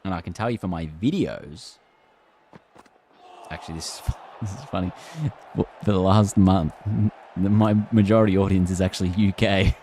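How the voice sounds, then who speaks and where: A man's voice: sits low, normal speed, mellow, a little hiss or hum. An Australian man chatting casually on a live stream, reacting to a game and reading chat aloud. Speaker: gaming streamer.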